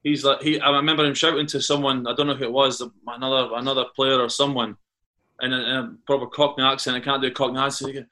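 His mid-range voice is bright and forceful, delivered flatly and fast. He is a Scottish former footballer from Carnoustie, chatting casually on a podcast and telling anecdotes that ramble, restart, and repeat words.

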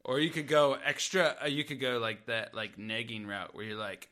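A man's voice: mid-range voice, level tone, normal speed, few pauses, sharp tone. A man co-hosting a casual comedy podcast, bantering playfully and laughing often. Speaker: podcast co-host.

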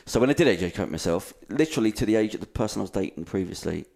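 A low-pitched man holds forth on a casual podcast. He rambles from thought to thought, swears freely and pokes fun at himself. He sounds like a man in his thirties. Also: expressive, very fast, vocal fry, a little mellow. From England. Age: 30s. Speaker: podcast co-host. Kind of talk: casual chat.

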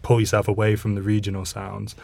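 A young man with a mild Salford accent, co-hosting a podcast. His voice is fairly low, and he tells stories in a chatty way, full of "like"s. The recording is dry. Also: monotone, fairly quick, vocal fry, warm tone, slightly rough, no echo. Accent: mild Salford, mostly unlearned. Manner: chatty storyteller, with many "like"s. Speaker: journalist, podcast co-host. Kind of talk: casual chat.

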